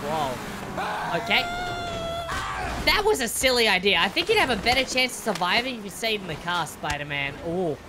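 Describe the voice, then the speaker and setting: Excitable woman reacting, noisy backdrop. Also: mid-range voice, normal speed. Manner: excitable, jokey, exclamatory. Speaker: reaction video host. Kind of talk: playful reaction commentary.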